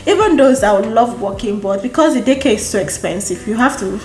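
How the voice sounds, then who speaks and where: A woman from Nigeria with a Nigerian accent, chatting casually to camera as a vlogger, expressive and exclamatory, repeating phrases for emphasis. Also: fairly high pitch, brisk. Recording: roomy echo with faint background music.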